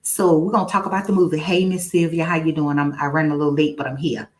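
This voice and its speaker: A woman's voice: low-pitched, steady tone, fast talker, a little mellow, low-quality recording. A young woman hosting a casual live stream, greeting viewers by name and testifying about her faith. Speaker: livestream host.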